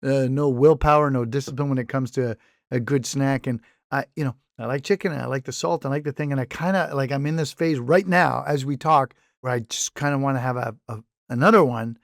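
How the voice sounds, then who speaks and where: A man's voice: mid-range voice, brisk, dry recording, clean studio sound. A man co-hosting a snack podcast in casual chat, rambling and jokey with many restarts. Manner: rambling, self-interrupting, jokey bits. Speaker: podcast co-host.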